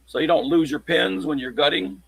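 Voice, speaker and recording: A man chatting casually on a livestream, showing his locksport tools in a halting, rambling way. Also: on the high side, creaky, a bit bright, slightly rough, dry recording, rough recording. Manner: halting, rambling show-and-tell.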